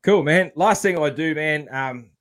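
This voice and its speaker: A man's voice: on the high side, unhurried. An Australian man hosting a casual podcast chat, loose and sweary, laughing often. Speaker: podcast host.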